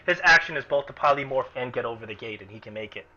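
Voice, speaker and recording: A man's voice: mid-range voice, fast, sharp tone. A man narrating a tabletop game as game master, thinking aloud and restarting sentences, in a dull lo-fi recording.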